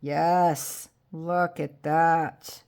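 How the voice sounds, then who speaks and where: A woman hosting a crafting vlog, chatting excitedly to viewers about her projects and apologizing with a laugh when she bumps the camera. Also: low-pitched, extremely slow. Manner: gushing, excitable, talks to viewers while handling crafts; self-deprecating, apologetic asides. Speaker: crafting channel host. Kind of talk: casual crafting vlog chat.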